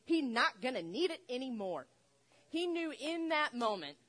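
A woman preaching a sermon, retelling a story with lively acted-out voices. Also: high voice, normal speed. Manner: animated, acts out voices in the story. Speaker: pastor.

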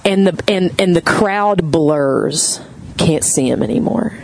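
A woman pastor giving a sermon, telling a story in a conversational, animated way and asking the audience questions. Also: lowish voice, takes it slowly, creaky, a little hiss or hum, poor audio.

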